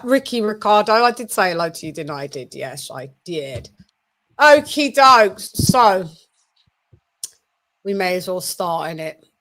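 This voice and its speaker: A British woman hosting a casual online show, chatty, laughing and loose with her words. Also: medium pitch. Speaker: host. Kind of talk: casual chat.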